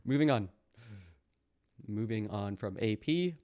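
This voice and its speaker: A man's voice: fairly low pitch, lively intonation, slow pace, a little mellow. A man doing casual live-stream commentary, reading posts aloud and mocking them sarcastically while talking back to his chat. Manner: reads posts aloud, then mocks them.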